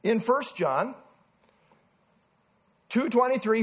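Man, preacher, sermon, emphatic, animated, high voice. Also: moderate pace.

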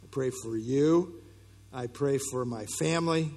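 A man preaching a sermon in an earnest, conversational teaching manner, often pausing with fillers and restarting his phrases. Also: mid-range voice, darkish tone, long reverb tail. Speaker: pastor.

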